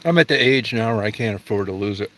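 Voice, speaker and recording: This middle-aged livestream host speaks quickly in a fairly low, somewhat bright voice, and the recording is rough. He answers viewers casually, rambling, blunt, and profane.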